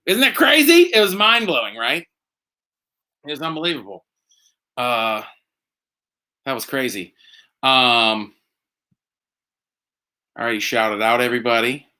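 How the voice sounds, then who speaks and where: A man hosting a casual live stream from home, rambling and excitable as he chats and drinks. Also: medium pitch, slow pace, pauses often. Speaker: host. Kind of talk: casual livestream chat.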